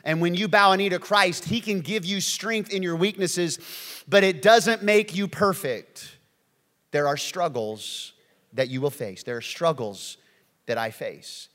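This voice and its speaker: A pastor preaching a sermon, moving between quiet, earnest lines and loud, excited acted-out quotes. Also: male voice, high voice, measured pace, in a large hall. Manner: animated, swings from hushed to shouting, acts out quotes.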